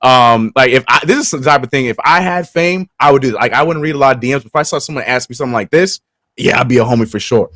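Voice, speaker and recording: Man, relaxed sports talk co-host, casual and easygoing, laughs a lot, dry close sound, restarts his sentences. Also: mid-range voice, quick pace, no echo. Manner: laid-back, laughs often, trails off and restarts.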